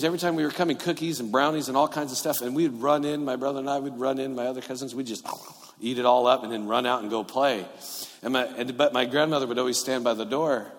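A middle-aged man preaching a sermon as a pastor, conversational, swinging between loud emphasis and quiet asides. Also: mid-range voice. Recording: long reverb of a large hall.

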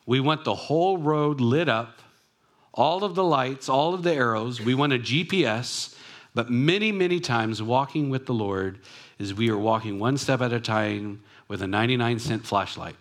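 A man's voice: medium pitch, animated, normal speed. A man in a mid-range voice preaches a sermon. He talks conversationally and reflects aloud, mixing scripture with personal asides. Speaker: pastor.

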